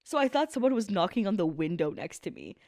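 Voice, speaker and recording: A young woman casually reacting to an anime episode at home on a headset mic, animated, laughing a lot and swearing casually. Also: mid-range voice, quick pace. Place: large open downstairs room at home.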